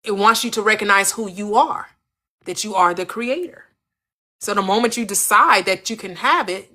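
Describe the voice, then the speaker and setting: A woman's voice: mid-range voice, moderate pace, bright, forceful tone. A woman giving a spiritual teaching in an emphatic, preacherly cadence, repeating phrases and asking rhetorical questions.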